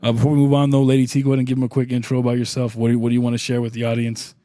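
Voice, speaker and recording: A man's voice: mid-range voice, monotone, rapid-fire, warm tone, dry recording. A man hosting a casual podcast chat, upbeat and joking, laughing often between lines. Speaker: podcast host.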